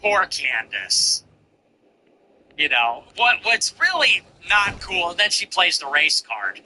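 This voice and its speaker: A man's voice: sits high, very animated, takes it slowly, sharp tone, slight background noise, low-quality recording. A man hosting a solo political commentary show, sarcastic and mock-sympathetic, often breaking into laughter.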